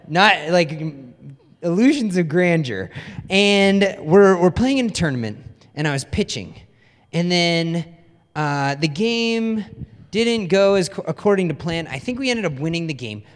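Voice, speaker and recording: Young-adult ministry pastor, male, higher-pitched voice, loose and self-mocking storytelling, long hall reverb. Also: expressive, a little slow. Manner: chatty, self-deprecating storytelling with many "like"s. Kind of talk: casual conversational sermon. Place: church hall.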